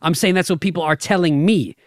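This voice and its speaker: A man's voice: on the high side, a little fast, no room sound, clean studio sound. A man co-hosting a podcast, teasing his partner in profane, mock-serious banter. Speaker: podcast co-host.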